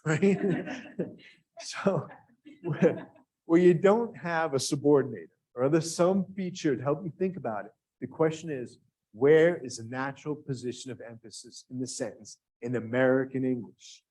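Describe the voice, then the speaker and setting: Male workshop instructor, mid-pitched and engaging, quizzes his audience. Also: moderate pace, warm tone. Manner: engaging, asks the audience questions. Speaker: grant writing workshop instructor. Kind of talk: live workshop lecture. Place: classroom with live and remote audience.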